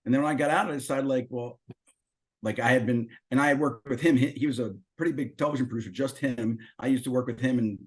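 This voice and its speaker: A middle-aged man, a guest in an interview, tells his story in a casual way and acts out the dialogue he quotes, like a lively storyteller. He speaks fast at a medium pitch.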